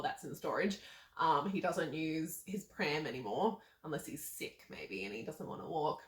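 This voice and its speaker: A woman's voice: fairly low pitch, a bit bright. A pregnant woman in her twenties, slightly out of breath, chatting to camera with lots of ums and small laughs. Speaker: vlogger. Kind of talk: casual talk to camera. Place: seated indoors. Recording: roomy echo.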